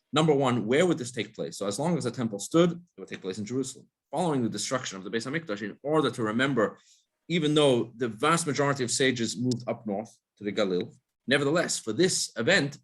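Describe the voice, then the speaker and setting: A man's voice: mid-range voice, a bit bright. A man, a rabbi, giving a casual spoken class who explains step by step, asks and answers his own questions, and often restarts his words. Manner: frequent restarts and repeated words.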